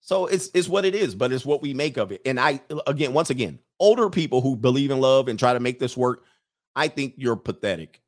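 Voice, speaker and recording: Male host, comic monologue, sneering and profane, reads viewer comments, average pitch. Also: animated, fairly quick. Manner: mocking, profane, laughing. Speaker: live show host. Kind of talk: casual comedic monologue.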